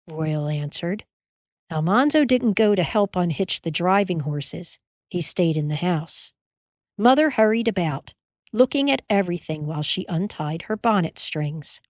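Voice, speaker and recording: A woman reading a children's classic aloud as an audiobook narrator, measured and expressive. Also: lowish voice, no echo, clean studio sound. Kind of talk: scripted storybook narration.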